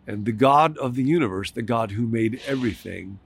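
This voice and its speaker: Man, pastor, sermon, reflective storytelling, middle pitch, slows for emphasis. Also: creaky, slight background noise.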